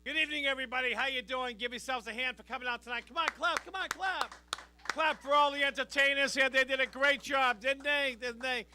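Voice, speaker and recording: Middle-aged guy doing standup, real high bright voice, brash and punchy with the crowd. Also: steady tone, brisk, slight background noise. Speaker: stand-up comedian. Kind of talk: stand-up comedy routine. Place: live stage before an audience.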